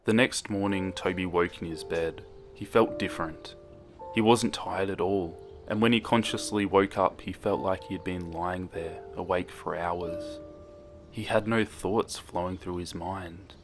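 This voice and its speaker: A young man reading a horror story aloud in a calm, measured narration, recorded as a voice-over. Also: low-pitched, music in the background.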